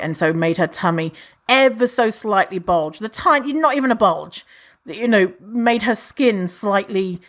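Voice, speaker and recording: A woman hosting a solo podcast, chatty and animated, who swears freely and acts out what people say in a higher voice. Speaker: podcast host. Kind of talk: casual solo podcast monologue.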